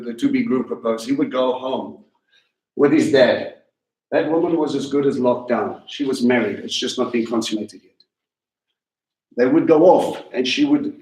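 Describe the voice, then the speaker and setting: A man teaching a congregation at a Passover meal. He talks in an animated way, asks many questions and slows down to stress key words. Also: medium pitch. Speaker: teacher leading a Passover Seder. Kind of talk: sermon-style teaching. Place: congregation hall. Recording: echoey room, voice from a distance.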